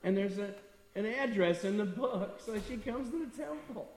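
Middle-aged male speaker, devotional talk, animated anecdotes; long reverb, voice from a distance. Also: sits high, moderate pace. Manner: storytelling, acting out quoted people. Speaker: temple speaker. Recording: echoey hall from a distance.

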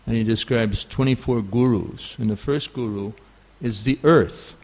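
A man with a New York accent giving a scripture class, halting and full of fillers. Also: mid-range voice, a little mellow. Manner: halting, many fillers and restarts. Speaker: spiritual teacher.

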